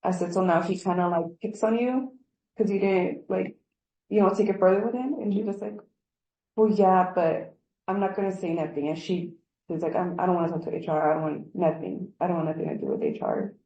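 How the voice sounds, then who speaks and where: Low-voiced woman telling a workplace story. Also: fairly even intonation, brisk, dark tone, roomy sound, poor audio. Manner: rambling, acts out quoted dialogue. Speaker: employee giving a workplace statement. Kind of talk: recorded workplace interview.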